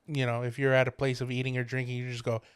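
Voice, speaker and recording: A man co-hosting a podcast keeps the talk going with questions and short prompts in casual chat. His voice sits in a middle pitch and is picked up dry and close. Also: completely flat delivery, fast talker, smooth, no echo. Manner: asks questions, prompts the story. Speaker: podcast co-host.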